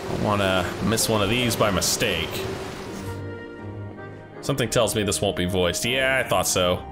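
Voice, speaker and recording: A man hosting a let's play, chatting excitedly while he plays. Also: lowish voice, a little slow, pauses often. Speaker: gaming channel host. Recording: game music behind.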